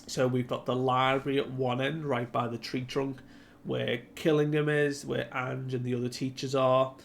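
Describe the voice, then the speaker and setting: A man casually recapping a comic chapter in a relaxed, rambling way with lots of fillers. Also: mid-range voice, normal speed, vocal fry, a little hiss or hum. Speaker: manga commentator.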